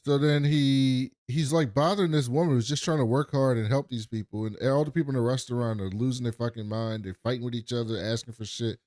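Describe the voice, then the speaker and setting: A male podcast host rambles through a recap, filling his retelling with "like" and quick impressions of the characters. His voice is mid-pitched and sits dry and close. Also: fairly even intonation, a little mellow, no echo. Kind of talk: casual recap chat.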